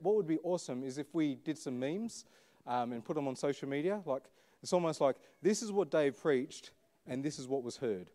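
Mellow pastor, chatty sermon. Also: male voice, on the high side. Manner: chatty, full of "um" and "like", asks the congregation questions. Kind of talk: casual conversational sermon. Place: church service.

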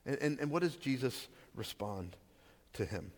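Guy preaching a sermon, mid pitch, chatty, lots of rhetorical questions, long hall reverb. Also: lively intonation, normal speed. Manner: conversational, many restarts and rhetorical questions. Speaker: pastor.

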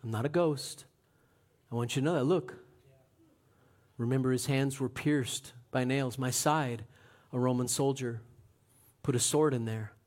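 A man preaching voices the risen Jesus as a calm, gentle man, speaking in a hushed, soft and slow way. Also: medium pitch, voice pushed down, close to an everyday voice. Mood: reassuring.

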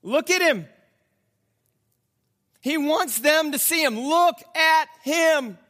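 Man acting out an anxious Pilate pleading with the crowd, high voice, slow drawn-out words, echoing hall. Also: sharp tone, exaggerated voice. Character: Roman governor Pilate, anxious middle-aged man. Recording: long hall reverb.

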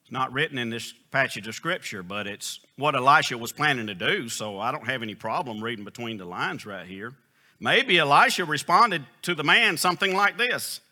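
A man's voice: mid-range voice, lively intonation, moderate pace, sharp tone. A man preaching a sermon in an emphatic, folksy storytelling style. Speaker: pastor.

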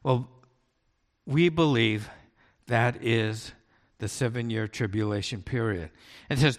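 A man's voice: medium pitch, slow, long pauses. A male pastor preaching a sermon in a conversational storytelling manner, often checking in with listeners. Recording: long hall reverb.

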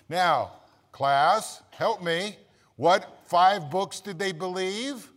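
A man preaching a sermon as pastor, swinging from quiet asides up to loud shouted emphasis and asking the congregation to answer back. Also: sits high, drawn-out words. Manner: calls for congregation response. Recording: long reverb of a church hall.

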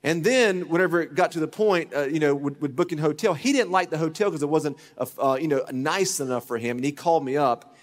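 A man preaching a sermon as pastor, telling a story and acting out the voices in it, swinging from loud to hushed. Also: a little high, a little fast, in a large hall. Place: church sanctuary.

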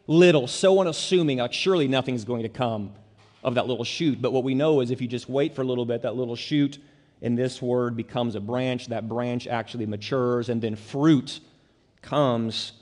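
A man's voice: medium pitch, moderate pace, darkish tone. Earnest preaching man in a reverberant hall. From central Illinois, US. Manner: earnest, building to urgent emphasis. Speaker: pastor. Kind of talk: sermon.

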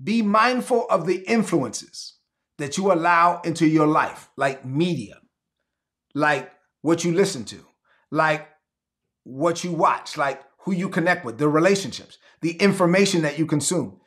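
A man's voice: a little high, measured pace, a bit bright. A man preaching a sermon to an online audience, emphatic and repetitive, leading the listeners in call-and-response declarations. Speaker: pastor.

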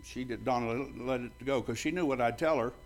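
A man's voice: mid-range voice, a little fast. An older man preaching a sermon as pastor, bluntly telling stories and acting out both sides of the conversations. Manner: loud and bold when joking with the congregation.

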